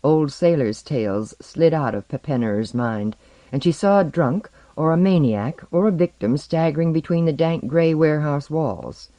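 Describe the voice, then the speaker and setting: An audiobook narrator giving a measured, dramatic reading of scripted narration. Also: mid-range voice, animated, dark tone, no room sound.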